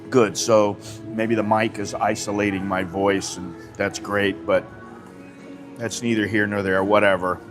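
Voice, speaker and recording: A man's voice: lowish voice, flat delivery, unhurried. An American man telling a rambling story in a casual live stream and acting out the dialogue. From United States. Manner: chatty, rambling, acts out dialogue. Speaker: vlogger. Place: Thailand, drinking coffee. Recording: music clearly behind voice.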